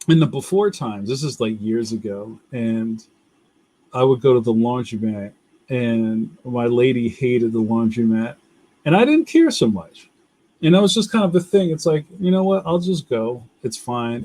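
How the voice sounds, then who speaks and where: A young man with a Philadelphia accent chats casually as a livestream host, rambling and breaking into easy laughs. His voice sits at a middling pitch. The sound is dry and close, with no room around it. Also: darkish tone, no room sound. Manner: rambling, loose, laughs often. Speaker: livestream host reading viewer comments. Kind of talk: casual chat.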